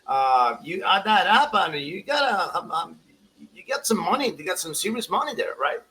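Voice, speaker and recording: A man, chatting casually as a soccer pundit, animated and laughing as he acts out quotes. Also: high-pitched, moderate pace, a little hiss or hum, poor audio. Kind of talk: casual podcast chat.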